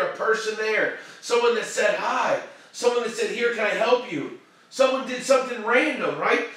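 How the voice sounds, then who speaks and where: A man hosting a show and giving a fervent, preachy motivational pep talk that swings from shouting to hushed tones. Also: very high voice, heavy reverb, recorded from a distance. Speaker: motivational live-stream host.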